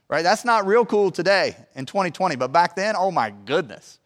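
A man's voice: sits high, very animated, moderate pace, fairly bright tone. A man preaching a sermon as pastor, conversational and emphatic, with many rhetorical questions. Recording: long reverb of a large hall.

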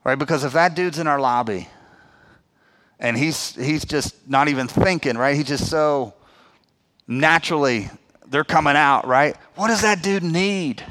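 High-voiced man preaching. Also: unhurried, fairly bright tone. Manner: conversational, emphatic preaching with acted-out quotes. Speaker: pastor. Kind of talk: sermon.

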